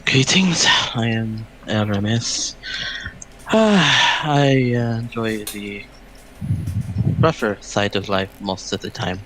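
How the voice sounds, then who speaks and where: A man voicing a rough, brawling character who greets people with formal airs and halting pauses in a tabletop role-play. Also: fairly low pitch, a bit bright, slight background noise, rough recording. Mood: wry.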